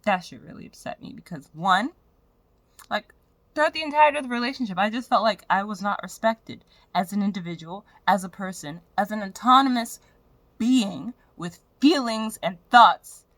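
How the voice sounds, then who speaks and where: Young woman, vlogger, frank, profane, rambling, bright voice, dry close sound. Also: mid-range voice, moderate pace, dry recording. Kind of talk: candid personal vlog rant.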